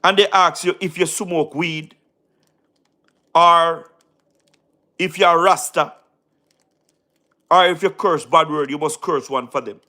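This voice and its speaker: Tired jamaican guy on a live stream, kinda high voice, patois mixed in, says everything twice. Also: sharp tone. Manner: repeats phrases, mixes in patois, talks to chatters by name. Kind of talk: casual live-stream chat.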